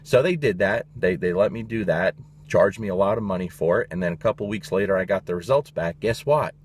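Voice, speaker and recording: A man's voice: low voice, animated, brisk, a little hiss or hum. A man, a dog trainer, giving his opinions in a blunt, emphatic casual monologue, swearing freely.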